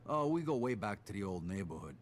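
An actor playing a young war veteran working as an enforcer, tough and laconic. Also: male voice, on the low side, big pitch swings, fast, slight background noise. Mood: cool.

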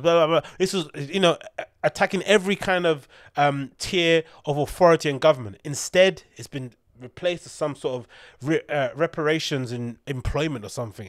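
A British-accented man with a slightly high voice hosts a solo podcast, rambling through opinionated commentary packed with fillers and digressions. The studio-quality audio has no echo.

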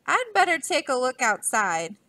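A woman's voice: sits high, big pitch swings, normal speed, bright, forceful tone, dry recording, exaggerated voice. A woman voicing a worried old man, a bell ringer, while reading a storybook aloud. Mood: puzzled. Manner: worried, murmuring.

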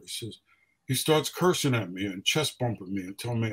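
Older man telling animated stories. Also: medium pitch, normal speed, slightly rough, low-quality recording. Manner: animated storyteller, acts out quotes. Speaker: guest photographer. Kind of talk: casual storytelling.

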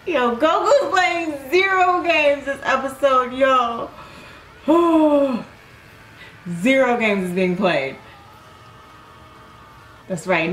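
A woman hosting an anime reaction video, swearing, gasping and shouting at the screen. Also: sits high, roomy sound, a little hiss or hum. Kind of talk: excited reaction commentary.

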